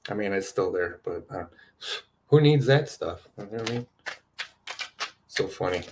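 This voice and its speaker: A man hosts a spiritual card-reading session in loose, casual chat, keeping his voice on the low side. He rambles, gets excited, and tosses in "you know" and "right?" constantly. A faint hum sits behind him. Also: moderate pace.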